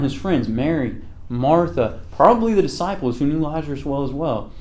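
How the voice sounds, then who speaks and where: A man leads a relaxed Bible study, reading passages aloud and then talking them through. His tone is conversational, and he often pauses to ask his listeners "okay?". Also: on the high side. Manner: conversational, checks in with frequent "okay?"; reads scripture aloud, then explains it. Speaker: Bible teacher.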